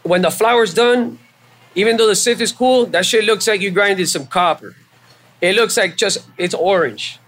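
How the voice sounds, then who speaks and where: A man, a podcast guest, telling a story in casual chat, animated and profane, acting out back-and-forth conversations. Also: high-pitched, normal speed. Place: live show at a venue.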